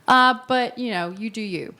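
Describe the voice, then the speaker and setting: A young woman with an Australian accent, co-hosting a casual podcast chat and telling animated stories, acting out other people's lines. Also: a little high, normal speed. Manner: animated storytelling, acts out quoted voices, laughs often. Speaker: podcast co-host.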